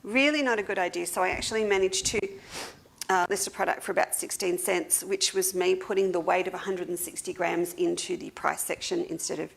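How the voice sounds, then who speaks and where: A woman's voice: lowish voice, fairly even intonation, a little fast, gravelly. An Australian woman hosting a casual livestream for her quilting shop, chatting to viewers and greeting them one by one by name. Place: seated at a table indoors.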